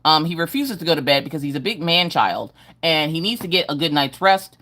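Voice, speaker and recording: A woman's voice: deep voice, lively intonation, brisk, fairly bright tone. A middle-aged woman hosting a casual livestream from home, greeting viewers by name in a sing-song way. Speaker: livestream host.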